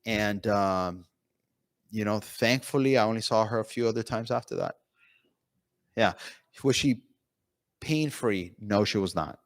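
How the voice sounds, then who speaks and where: A man speaking as a pain physician at a conference, telling patient stories in an animated way with many fillers and restarts. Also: fairly low pitch, unhurried, pauses often, no echo. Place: conference room.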